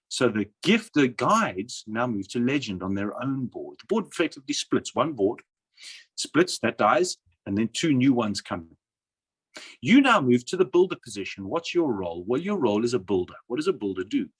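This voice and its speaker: A man's voice: mid-range voice, slightly rough. A man with a South African accent giving a persuasive slide presentation, asking and answering his own questions. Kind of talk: sales presentation over slides.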